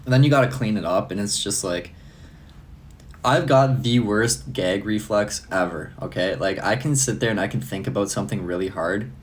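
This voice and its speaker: Laid-back guy, lowish voice. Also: moderate pace, a little hiss or hum. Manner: loose, profane, laughs often. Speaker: live streamer. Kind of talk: casual live-stream chat answering comments.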